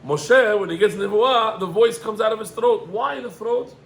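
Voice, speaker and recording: A middle-aged man, a rabbi, gives an animated Torah lesson, climbing in pitch on emphatic points and mixing in Hebrew terms. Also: normal speed, gravelly, poor audio.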